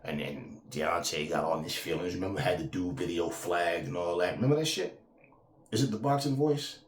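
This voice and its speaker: A man's voice: low voice, normal speed. A man, host of a boxing talk channel, rants in a heated, profane, emphatic way. He repeats himself for emphasis. The sound is roomy, with noticeable echo off the walls. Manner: profane, emphatic, repeats himself, slips into mocking quoted voices. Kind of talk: heated casual rant.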